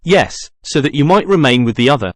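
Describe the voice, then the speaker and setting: A man's voice: medium pitch, expressive, fairly quick, dry recording, clean studio sound, natural voice. A man reading the lines of a shy, jealous young nobleman in an earnest, pleading way.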